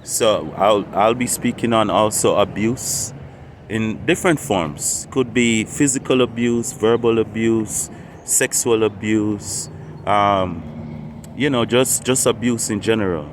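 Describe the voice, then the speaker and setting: A man's voice: lowish voice, takes it slowly, a little hiss or hum. A man hosting a spiritual channel, talking unscripted and meandering, often repeating and restarting phrases. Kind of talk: unscripted casual monologue.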